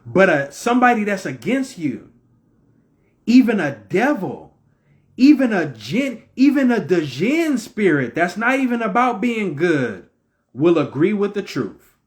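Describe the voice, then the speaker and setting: Man, preachy and repetitive, fairly high-pitched, impassioned monologue. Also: big pitch swings, a little slow. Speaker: religious commentator.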